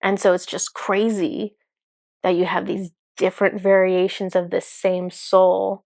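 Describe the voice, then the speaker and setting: A woman's voice: mid-range voice, flat delivery, a little slow, creaky, a little mellow, no room sound, studio quality. A woman speaking as a spiritual channeler in a casual, enthusiastic monologue full of fillers. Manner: chatty, filler-heavy, enthusiastic.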